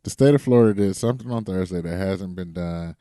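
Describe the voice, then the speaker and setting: Deep dark-voiced man cohosting a podcast, emphatic rants, dry sound. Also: fast talker, clean tone, no room sound. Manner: emphatic, rants with bursts of loud high exclamations. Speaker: podcast co-host. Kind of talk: casual chat.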